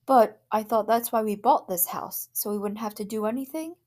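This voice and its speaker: A calm husband from a storybook reading, steady and matter-of-fact as he soothes his wife, read by a woman in nearly her own voice. His tone is even and reassuring. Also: on the high side, moderate pace, close to an everyday voice. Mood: puzzled.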